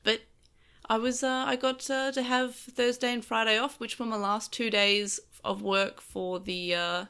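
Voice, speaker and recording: A woman's voice: a little high, steady tone, unhurried, bright, forceful tone, clear, resonant tone. A woman co-hosting a casual podcast, rambling through stories with lots of fillers, recovering on painkillers after a car crash. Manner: rambling, filler-heavy storytelling. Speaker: podcast co-host.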